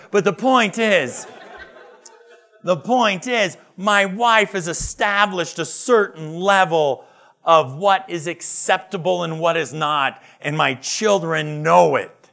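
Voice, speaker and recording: Middle-aged male keynote speaker, storytelling, emphatic, animated. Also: high-pitched, takes it slowly, vocal fry. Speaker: business speaker. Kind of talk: motivational keynote talk. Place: retreat event.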